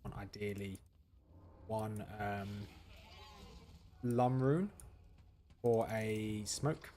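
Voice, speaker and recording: A man's voice: lowish voice, drawn-out words, warm tone, a little hiss or hum. A man giving casual commentary as he plays a game, thinking aloud and answering viewers' questions. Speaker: gaming streamer.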